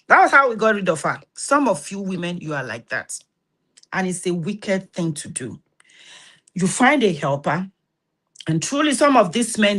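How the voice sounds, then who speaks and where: A woman from Nigeria with a Nigerian accent, hosting an advice talk, telling stories in an animated and preachy way and acting out the dialogue. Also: medium pitch, moderate pace. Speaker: host.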